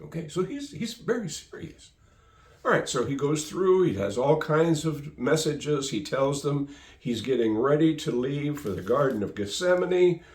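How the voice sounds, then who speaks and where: A man preaching with a wide, lively swing of pitch, taking his time over each phrase. He is a pastor who leans hard on repetition to drive each point home. His voice carries a roomy echo around it. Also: measured pace. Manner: emphatic, repeats phrases for stress. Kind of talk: sermon.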